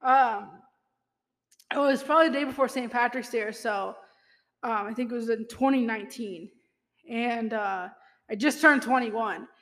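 A woman's voice: fairly high pitch, moderate pace, pauses often, a bit bright, big-room sound. A young woman telling casual stories in a chatty way, laughing often and using lots of fillers. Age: young adult. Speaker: podcast host. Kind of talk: casual storytelling monologue.

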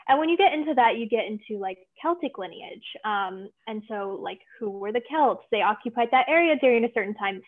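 A woman's voice: on the high side, lively intonation, fairly quick, few pauses. Young woman guest, earnest casual talker, recorded over a tinny phone-like remote line. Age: young adult. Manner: earnest, many fillers and "like". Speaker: guest, tarot reader and witch. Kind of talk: casual interview chat.

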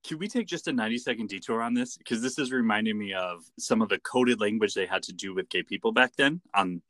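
Man, podcast co-host, low voice, dry close sound, chatty and digressive. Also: fast, fairly bright tone, no room sound. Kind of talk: casual chat. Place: remote recording, not with co-host.

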